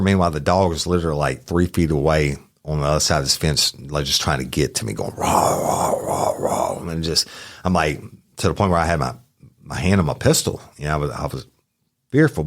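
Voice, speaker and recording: A man's voice: low voice, no echo, studio quality. A man telling a rambling, profane true-crime story from his police days, correcting himself as he goes. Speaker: podcast host, former police officer.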